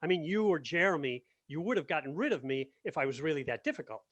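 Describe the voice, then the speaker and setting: A man's voice: fairly high pitch, big pitch swings, fast, fairly bright tone, dull audio. A man reading the part of a sarcastic, combative theater artistic director in a video-call play reading. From Washington, D.C. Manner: sarcastic, needling.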